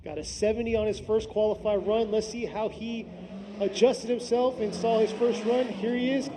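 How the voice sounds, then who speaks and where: A man's voice: high-pitched, normal speed, background noise. A man commentating drift runs, calling each car's run play by play. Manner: excited play-by-play over car runs. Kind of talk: motorsport commentary.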